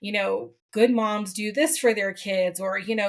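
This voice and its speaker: A woman's voice: medium pitch, fairly even intonation, unhurried. Middle-aged woman, podcast co-host, casual and candid, rambling asides. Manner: candid storyteller, chatty with many asides. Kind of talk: casual conversation.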